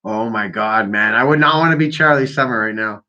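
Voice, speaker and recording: A man's voice: fairly low pitch, a little fast, sharp tone, lo-fi sound. Brash, swearing young man on the phone. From Canada. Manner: brash, mocking, swears a lot. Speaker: call-in show host. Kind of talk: profane casual chat. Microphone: telephone.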